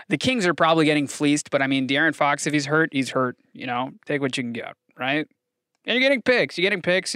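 Excitable, profane male sports podcaster. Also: clear, resonant tone, dry recording, studio quality. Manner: excitable and profane, swinging from shouting hype to low mutters. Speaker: podcast host. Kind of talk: casual solo sports podcast rant.

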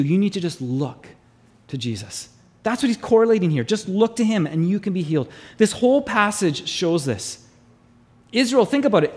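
A male pastor preaching a sermon to his congregation, animated and acting out voices in the stories he tells. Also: sits high.

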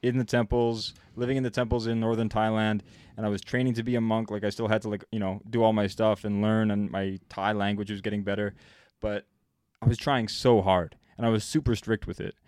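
A man's voice: lowish voice, level tone, a little fast, a little mellow, clean tone, dry recording, clean studio sound. A man co-hosting a casual podcast, telling a story at an easy pace with many fillers. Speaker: podcast co-host.

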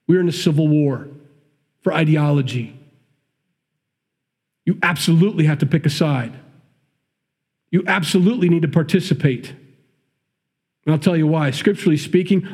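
Man, Midwestern accent, pastor, sermon, conversational, emphatic, somewhat high-pitched. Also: moderate pace, long pauses, darkish tone, slightly rough. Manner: conversational, emphatic preaching with frequent asides. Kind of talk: sermon with Bible reading and commentary.

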